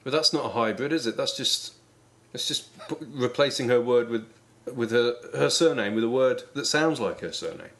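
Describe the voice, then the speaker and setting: A man's voice: mid-range voice, moderate pace, fairly bright tone. Dry, skeptical man. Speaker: quiz contestant. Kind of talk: comedy banter.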